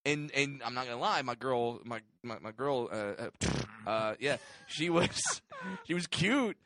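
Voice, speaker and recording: A man's voice: medium pitch, huge pitch swings, a little slow, fairly bright tone, no room sound. A man co-hosting a casual comedy podcast, rambling and laughing as he tells stories. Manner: rambling, laughing, heavy use of fillers like "like". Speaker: podcast co-host.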